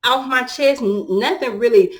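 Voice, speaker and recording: A young adult woman, sharing an emotional personal testimony in a halting way with many restarts. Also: a little high.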